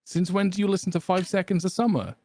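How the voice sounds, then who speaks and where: A man's voice: high voice, quick pace, darkish tone, no echo, clean studio sound. A man co-hosting a casual gaming podcast, joking and swearing between laughs. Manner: joking, profane, laughs often. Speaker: podcast co-host. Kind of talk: casual banter among friends.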